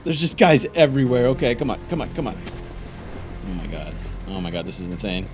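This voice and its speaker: A man giving frantic live gameplay commentary, exclaiming and frustrated, later calmly narrating. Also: medium pitch, a little fast, soft background music. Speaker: gaming YouTuber.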